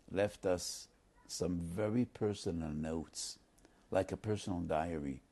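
A man's voice: low voice, gravelly, dark tone, husky. A man teaching the weekly Torah portion as a rabbi, speaking earnestly and emphatically and weaving Hebrew quotes into English. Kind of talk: Torah lesson sermon.

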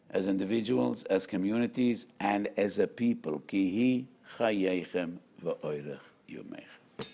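A man, a rabbi, giving a measured, emphatic Torah lecture with storytelling. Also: low-pitched, vocal fry, dark tone.

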